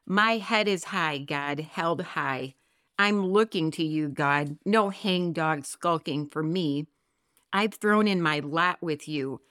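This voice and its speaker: Earnest woman reading scripture, low-ish voice. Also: a bit bright, dry recording, clean studio sound. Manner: earnest, reads scripture slowly and expressively. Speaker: podcast co-host. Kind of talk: Christian podcast chat and scripture reading.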